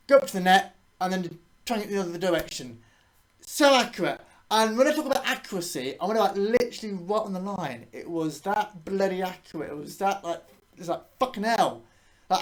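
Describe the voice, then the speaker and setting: A woman giving a casual, rambling reaction to a match as a channel host. She swears freely and often restarts her sentences. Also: medium pitch.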